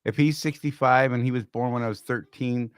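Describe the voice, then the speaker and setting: A man's voice: medium pitch, fairly even intonation, fairly quick, clean tone, dry recording, studio quality. A man in his fifties hosting a casual live-stream chat, joking and rambling as he mocks himself. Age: 50s. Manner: joking, rambling, self-mocking. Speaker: podcast host.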